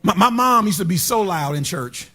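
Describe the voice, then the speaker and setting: Husky high-voiced preaching man. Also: expressive, normal speed. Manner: swings from loud shouted praise to low hushed storytelling. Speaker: pastor. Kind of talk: sermon. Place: church sanctuary.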